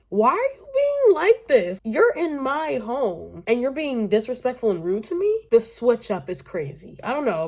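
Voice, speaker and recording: A woman chatting casually on her vlog about a romance book, animated and talkative, full of fillers and exasperated asides. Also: on the high side. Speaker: book vlogger. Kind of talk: casual book review chat.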